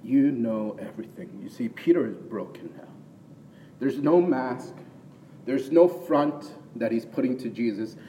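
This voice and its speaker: A man's voice: mid-range voice, animated, unhurried, dark tone, a little hiss or hum. A man preaching a sermon in a conversational way, often checking in with "right?" and rising into emphatic bursts. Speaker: pastor. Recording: long hall reverb, from far off, faint ambience.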